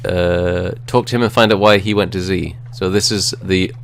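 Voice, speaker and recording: A man's voice: low voice, steady tone, moderate pace, creaky, slight background noise. A man casually chatting while playing a video game and reading its text aloud. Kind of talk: casual gaming chat.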